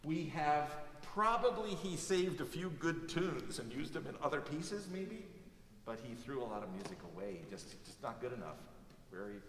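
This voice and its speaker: Distant animated man coaching in an echoey hall. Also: on the high side, normal speed, a little hiss or hum. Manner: animated, sings phrases to demonstrate. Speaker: music master class teacher. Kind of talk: coaching a student in a master class.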